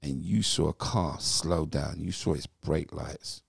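A man's voice: very deep voice, measured pace, gravelly, breathy edge, dry recording, studio quality. A British man in his fifties, a former footballer, guest on a podcast, telling his story animatedly and acting out what people said. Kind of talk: storytelling interview.

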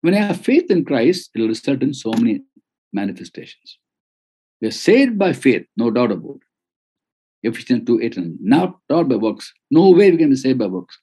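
Man teaching Bible study, husky. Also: mid-range voice, big pitch swings, normal speed, warm tone. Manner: emphatic, repeats key phrases.

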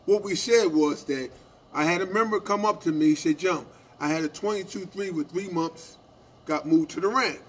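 A man co-hosting a union radio show, telling animated stories in casual talk and asking "right?" after his points. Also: high voice, moderate pace, husky. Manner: animated storytelling, acting out quoted exchanges, repeated "right?".

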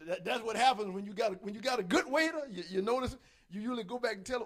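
A male pastor preaching a sermon, folksy and animated, acting out the voices he quotes. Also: high-pitched, fast talker, hardly any pauses.

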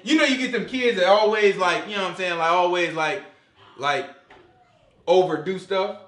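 A man preaching an informal sermon in slangy, animated talk, acting out voices as he goes. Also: sits high, moderate pace. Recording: echoey room.

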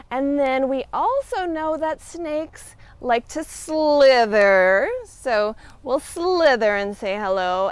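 A high, bright-toned woman leads a children's storytime as a librarian. She speaks slowly and cheerfully in a sing-song way. Her voice is close and dry. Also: no room sound.

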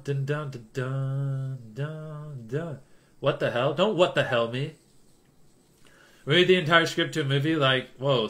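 A young man chatting loosely on a live stream, rambling and joking as he reads out donations. His voice is bright and forward, sitting in a middle range for a man. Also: mid-range voice. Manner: rambling, jokey, reading chat donations aloud. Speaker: livestreamer.

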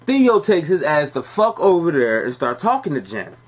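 A little high and very animated, a male actor's voice moves at normal speed through a scripted monologue. He portrays a young man on a phone call telling a meandering, foul-mouthed party-night story, defensive and streetwise as he recounts events.

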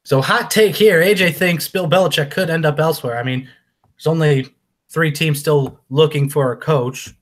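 A man co-hosting a casual sports chat, animated and joking as he talks football. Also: fairly high pitch, slight background noise. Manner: animated, joking, quick to laugh. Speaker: sports podcast co-host.

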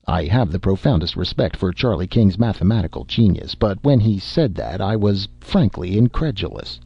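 A man reading a science fiction story aloud in steady audiobook narration, with occasional stammers. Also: low voice, moderate pace, creaky, hardly any pauses, slightly rough, dry recording. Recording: dull lo-fi dry recording.

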